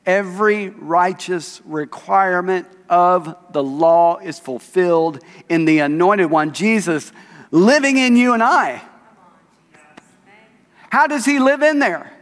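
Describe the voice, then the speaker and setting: Pastor, man, fairly high voice, casual preaching style, church hall reverb. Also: takes it slowly, a bit bright. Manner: conversational, reads scripture aloud and asks the congregation questions. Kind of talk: sermon. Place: church sanctuary.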